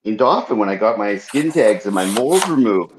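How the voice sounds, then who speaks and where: Man, low voice, laid-back storyteller, swears a lot, faint noise. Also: expressive, moderate pace. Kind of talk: casual profane banter.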